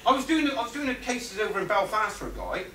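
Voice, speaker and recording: A man giving an animated, anecdotal conference talk, acting out quotes and laughing often. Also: sits high, fast talker, slight background noise. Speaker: conference speaker. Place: conference room. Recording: roomy hall audio from far off.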